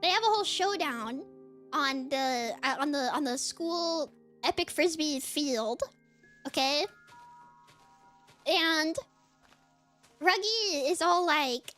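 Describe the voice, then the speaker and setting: A woman streamer chatting casually, excitedly rambling through a story recap with lots of fillers. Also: high voice, slow, pauses often, faint music behind.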